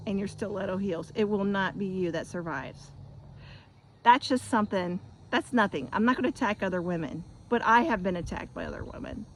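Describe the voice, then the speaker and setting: A middle-aged American woman delivers a raw, impassioned vent straight to her viewers. Her voice sits in an ordinary middle register, hard-edged and profane. A faint background noise hums under the recording. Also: mid-range voice. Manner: blunt, angry, profane, swings into mocking voices. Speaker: vlogger.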